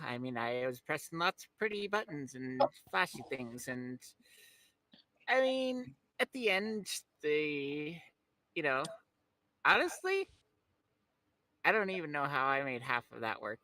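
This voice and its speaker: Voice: medium pitch, sing-song, unhurried, bright, forceful tone, rough recording. A tabletop player chatting in a playful, giggly way over a home microphone. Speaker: player voicing a character. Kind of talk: casual tabletop game chat.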